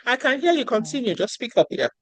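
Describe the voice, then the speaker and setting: A woman's voice: fairly high pitch, big pitch swings, fast, no room sound. Emphatic woman teaching online. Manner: emphatic, encouraging, calls on students by name. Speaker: research writing instructor. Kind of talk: online class lecture. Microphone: video call.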